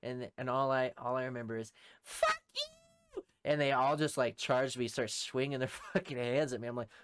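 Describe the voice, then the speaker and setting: A man's voice: mid-range voice, steady tone, brisk, slight background noise. Swearing young man telling a story. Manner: heavy swearing, acts out shouted quotes. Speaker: podcast co-host. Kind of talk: casual storytelling.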